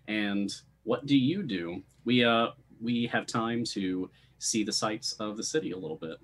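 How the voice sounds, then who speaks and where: A man narrating as game master of a tabletop game, relaxed with frequent hesitations. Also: on the low side, unhurried.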